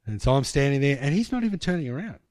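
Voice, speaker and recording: A man preaches a sermon, turning a personal story into lively scenes and often restarting his sentences. His voice sits at an ordinary middle pitch. The sound is dry and close, with no room echo. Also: rapid-fire. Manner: animated, tells the story in vivid scenes with many restarts.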